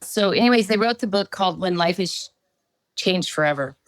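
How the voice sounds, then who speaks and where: Appearing as a podcast guest, a middle-aged woman gives a personal testimony, telling her story haltingly with many fillers. Her voice sits on the low side, and there's no echo.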